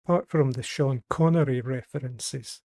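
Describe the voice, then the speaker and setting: A man's voice: mid-range voice, moderate pace, darkish tone. A Scottish man chatting casually on a podcast, telling rambling anecdotes. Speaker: podcast regular. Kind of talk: casual group chat.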